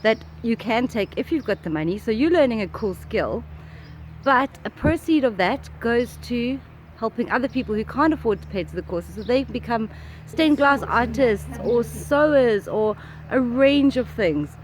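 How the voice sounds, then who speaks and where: A woman's voice: on the high side, expressive, a little hiss or hum. A woman co-presenting a travel vlog, explaining things to the camera in an upbeat, enthusiastic way outdoors. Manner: upbeat, enthusiastic, quick to laugh. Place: outdoors on a garden estate.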